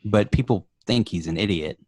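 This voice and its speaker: A man's voice: fairly low pitch, normal speed, a little mellow, no echo, studio quality. A man co-hosting a podcast in casual chat, full of wisecracks and puns. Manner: wisecracking, punning. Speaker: podcast co-host.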